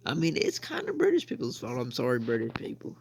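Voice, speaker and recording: Young male game streamer, very gravelly voice, loose rambling chatter, faint hiss behind. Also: medium pitch, huge pitch swings, quick pace. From United States. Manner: rambling, repeats "I mean" and "bro". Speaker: gaming channel host. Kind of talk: casual gameplay commentary.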